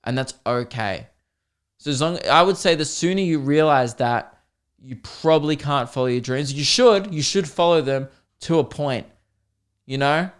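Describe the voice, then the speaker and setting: A man's voice: fairly high pitch, normal speed, smooth. A man in his twenties with an Australian accent, hosting a solo comedy podcast in a sweary, rambling, self-deprecating way.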